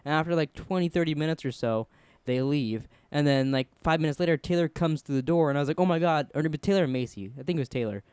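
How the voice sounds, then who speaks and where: A man's voice: on the high side, fast talker, hardly any pauses, darkish tone, smooth, dry recording. A young man co-hosting a podcast, rambling through stories in casual chat, acting out quotes and swearing often. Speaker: podcast co-host.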